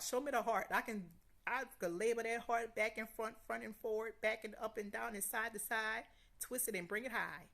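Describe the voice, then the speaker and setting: A woman telling a personal story in a casual vlog, animated and repetitive, acting out dialogue with a friend. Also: mid-range voice, gravelly. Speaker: vlogger.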